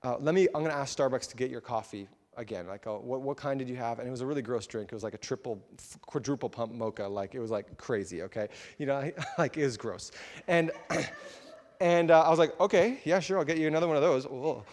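A man's voice: medium pitch, a little fast, darkish tone. Man preaching casually in a reverberant hall. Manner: casual, chatty, with fillers and laughs. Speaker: pastor. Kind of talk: sermon storytelling. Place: church sanctuary.

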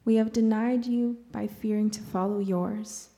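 A woman's voice: medium pitch, steady tone, a little slow, dark tone. A woman leading the congregation in a solemn prayer of confession. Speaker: prayer leader.

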